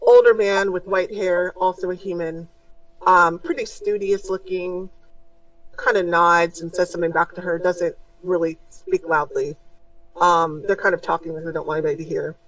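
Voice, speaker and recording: A woman narrating a tabletop game as game master, unhurried and descriptive, with frequent fillers. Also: lowish voice, fairly even intonation, dry recording. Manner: unhurried, many ums, descriptive. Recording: distant mic, dry room.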